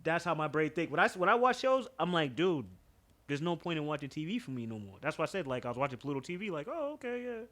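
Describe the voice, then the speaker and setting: Animated, high-voiced young man. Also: quick pace. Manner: animated, laughing storyteller, profane. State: stuffy nose. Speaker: podcast co-host. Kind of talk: casual storytelling chat.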